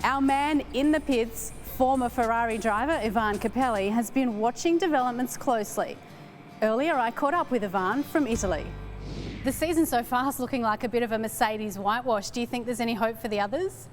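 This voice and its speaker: A woman presents a motorsport show, reading her scripted links and putting questions to a guest with a poised, even delivery. Her voice sits fairly high, with faint music running underneath. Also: brisk. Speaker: show host.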